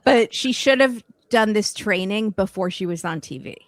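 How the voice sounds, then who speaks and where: A woman co-hosting a podcast, chatting casually with firm opinions and quick asides. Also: medium pitch, animated, no echo. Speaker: podcast co-host. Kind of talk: casual chat about a reality show.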